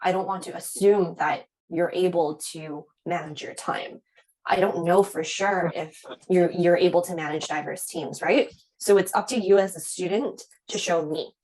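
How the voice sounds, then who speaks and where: A woman's voice: fairly low pitch, steady tone, moderate pace, a little mellow, poor audio. A young woman instructor coaching students on admissions interviews, in a casual style with frequent fillers and tag questions. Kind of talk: teaching admissions interview skills.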